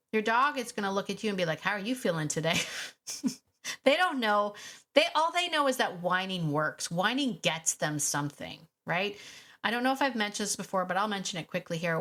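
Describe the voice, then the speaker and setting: A woman's voice: medium pitch, fairly bright tone. A woman hosting an advice podcast, talking casually and often tagging her points with "right?". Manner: chatty, frequent "right?" tag questions. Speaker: podcast host, dog trainer.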